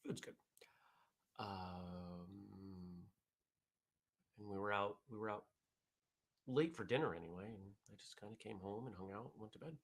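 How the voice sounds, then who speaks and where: Gravelly chatty man hosting. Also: on the low side, a little slow, long pauses. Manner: relaxed, rambling, chatty with fillers. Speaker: host of a morning vlog show. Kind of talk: casual chat reading viewer comments.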